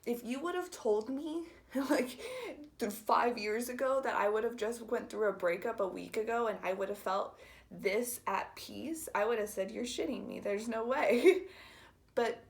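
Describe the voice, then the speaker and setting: Soft-spoken young woman sharing a story. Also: a little high, creaky. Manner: soft, halting and heartfelt, drops into whispers. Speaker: vlogger. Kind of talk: personal storytelling.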